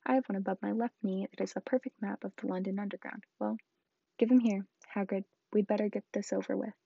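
A calm, wise old wizard from a storybook who speaks in a measured, gently wry way, as a woman reads him. The voice is husky and gravelly, kept in a dry, dull recording. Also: medium pitch, no echo. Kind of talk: storybook reading.

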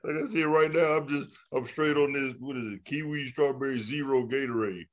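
A man's voice: mid-range voice, fairly even intonation, fairly quick. A man, a financial advisor, is a guest on a casual podcast and talks in an easygoing, joking way. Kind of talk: casual chat.

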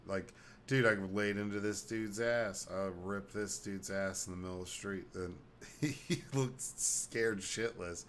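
A man with a fairly low voice co-hosts a podcast in loose, casual chat. He tells his stories with animated, swearing energy and keeps the pace going as he talks. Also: a little hiss or hum. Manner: animated profane storytelling. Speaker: podcast co-host.

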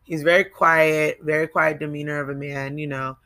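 A woman's voice: sits low, flat delivery, normal speed, fairly bright tone. A young woman with a New Jersey accent hosting a solo podcast, talking candidly in a confessional way with frequent ums and restarts. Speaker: podcast host. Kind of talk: casual solo podcast monologue.

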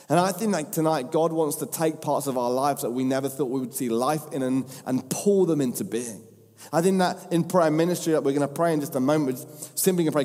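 A man's voice: on the high side, fairly quick, darkish tone. Impassioned male preacher in a reverberant hall. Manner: impassioned, repetitive emphatic phrasing. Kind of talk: sermon.

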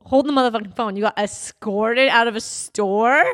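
High-voiced woman firing off questions. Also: normal speed, no room sound, clean studio sound. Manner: reactive, swearing, animated questions. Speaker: podcast co-host. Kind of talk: casual chat.

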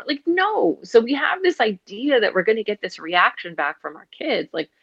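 A woman speaking about parenting in an earnest, animated, conversational way, sometimes acting out the voices of parents and children. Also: fairly high pitch, normal speed, vocal fry, hardly any pauses, slightly rough, dry recording, dull audio. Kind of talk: casual conversational explanation.

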